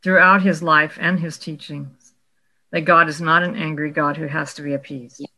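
A woman explaining Bible passages in a relaxed discussion, slowing down to quote verses. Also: low voice, low-quality recording. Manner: explanatory, quotes scripture slowly, some restarts. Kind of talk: casual scholarly discussion.

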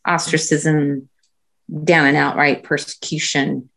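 Woman, very low voice, earnest Bible study sharer. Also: level tone, takes it slowly, vocal fry, background noise. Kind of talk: group discussion.

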